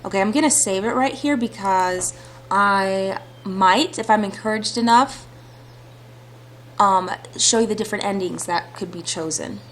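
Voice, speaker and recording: A woman's voice: mid-range voice, unhurried, a little hiss or hum. A woman hosting a let's play, musing casually about the story choices. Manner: chatty and musing. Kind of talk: casual game commentary.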